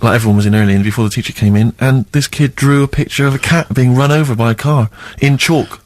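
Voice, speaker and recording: A man's voice: medium pitch, fast, darkish tone. A man co-hosting a radio show, recalling school days in a rambling, reflective way. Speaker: radio co-host. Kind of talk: casual radio banter. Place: radio studio. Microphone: studio mic.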